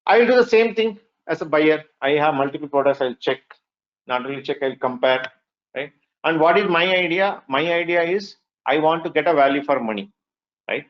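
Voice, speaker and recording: A man with an Indian English accent giving a lively classroom lecture, often asking the students "right?" and whether they agree. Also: a little high, a little fast, highs cut off. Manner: lively, mixes in Hindi phrases. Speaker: workshop instructor.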